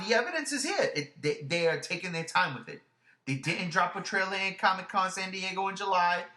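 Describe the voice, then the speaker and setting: A man hosting a casual podcast chat, talking emphatically and excitably, with some swearing. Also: high-pitched, echoey room. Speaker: podcast host.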